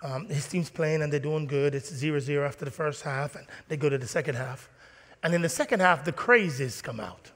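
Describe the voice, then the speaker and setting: A man preaching a sermon in a church, animated and playful, acting out little scenes. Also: fairly high pitch, brisk. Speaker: pastor. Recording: long reverb of a church hall.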